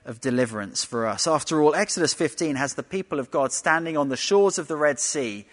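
A man's voice: fairly high pitch, expressive, fairly quick, fairly bright tone. A man preaching an expository sermon, emphatic, often ending points with tag questions. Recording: long hall reverb.

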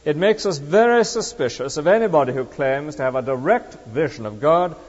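A male preacher delivers an emphatic sermon, his slightly high voice rising and falling in a very lively way. He presses the congregation with rhetorical questions. The recording is dull and lo-fi, with a long hall reverb trailing behind him. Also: fairly quick, breathy edge.

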